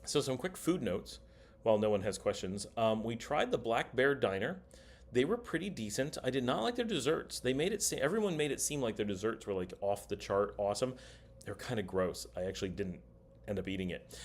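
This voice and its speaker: Middle-aged male livestream host, low voice, loose chatty delivery answering viewer comments. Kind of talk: casual livestream chat.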